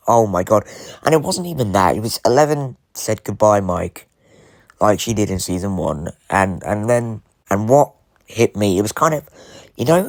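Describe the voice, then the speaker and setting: A man with a low voice talks straight to camera about a TV finale, gushing and rambling in quick bursts that often restart mid-thought. The recording is close and dry, with no room sound around him. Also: a little mellow, dry recording. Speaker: TV show reviewer. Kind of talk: casual spoiler review to camera.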